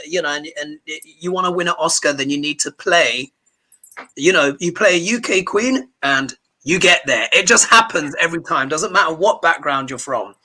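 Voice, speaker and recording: A man hosting a casual chat and telling stories in an animated, chatty way. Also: a little high. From Britain. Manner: animated, chatty storytelling with many "you know" fillers. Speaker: host.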